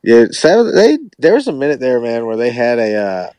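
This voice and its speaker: Relaxed rambling musician, lively pitch. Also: male voice, a little fast, clear, resonant tone, no room sound. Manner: relaxed, rambling, hedges a lot. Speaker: musician guest. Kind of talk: casual chat.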